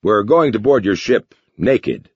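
Guy playing a firm brisk army major, clipped orders, husky dull sound. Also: fairly low pitch, sing-song, no room sound, pitched above the performer's own voice, full character voice. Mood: urgent.

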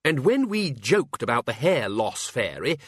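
A man voicing a bluff, hearty older male wizard in charge, speaking slowly and bluntly in an audiobook. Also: medium pitch, very animated, breathy edge, no echo, studio quality.

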